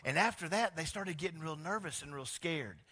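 A man's voice: fairly high pitch, expressive, fairly quick, pushed and bright, breathy edge, in a large hall. A male pastor preaching a sermon in an emphatic, conversational way, building points through repetition with frequent restarts.

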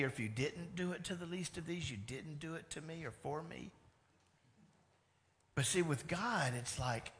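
A man preaching a sermon as pastor, animated, moving between loud emphatic lines and hushed ones. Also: a little high, normal speed.

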